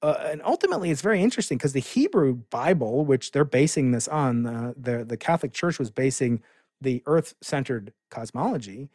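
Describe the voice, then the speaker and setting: American guy rambling excitedly on a podcast, lots of uhs, medium voice, dead dry sound. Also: mid-range voice, brisk, no room sound. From United States. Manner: enthusiastic, rambling with many fillers and restarts. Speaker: physicist guest. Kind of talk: casual interview storytelling.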